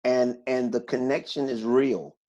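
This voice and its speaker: A man joins a video call as a guest, a motivational teacher. He speaks at an ordinary, mid-range pitch and sounds calm and earnest, choosing his words reflectively. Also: measured pace, lo-fi sound. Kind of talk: casual video-call conversation.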